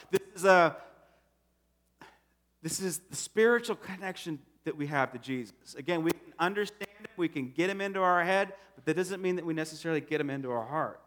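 In a slightly high voice, a pastor in his thirties preaches with animation and a conversational style, acting out the quotes he shares.

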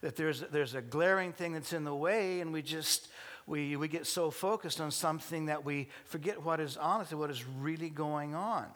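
A male pastor preaching to his congregation, halting with many restarts and light joking asides. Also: on the high side, fairly bright tone. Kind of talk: sermon. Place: church service before a congregation.

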